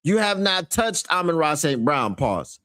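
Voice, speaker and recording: An emphatic man hosts a fan sports show, commenting in an animated, casual way. His voice sits a little high and moves a lot, and he laughs often between his points. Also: measured pace.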